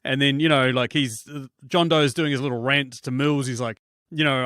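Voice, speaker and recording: A man's voice: medium pitch, fairly even intonation, moderate pace, fairly bright tone, clean tone, no room sound, studio quality. A man hosting a casual movie podcast, laughing often and acting out film lines in silly voices. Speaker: podcast host.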